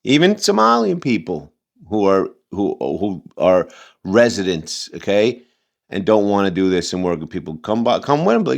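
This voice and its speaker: A man's voice: medium pitch, very animated, normal speed, creaky. A man hosting a casual reaction commentary, rambling and heated, with many fillers and restarts. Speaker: commentary channel host.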